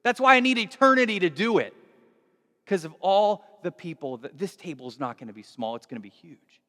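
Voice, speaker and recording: A man preaching a sermon, animated and acting out dialogue, moving from hushed lines to shouts. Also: high-pitched, fairly quick, long reverb tail. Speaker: pastor.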